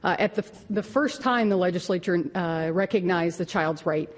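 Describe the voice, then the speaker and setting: Woman lawyer making her case to the judges, restarts a lot, courtroom echo. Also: on the low side. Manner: measured legal argument, frequent restarts. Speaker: attorney arguing before a court. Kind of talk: oral argument in court. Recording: long reverb of a courtroom.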